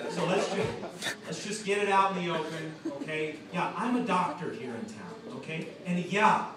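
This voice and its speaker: A man doing an open mic stand-up set in a small supper club, with a punchy delivery and sudden loud outbursts. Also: high voice. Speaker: stand-up comedian. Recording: distant, echoey club recording with room noise. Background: audience laughter and club ambience.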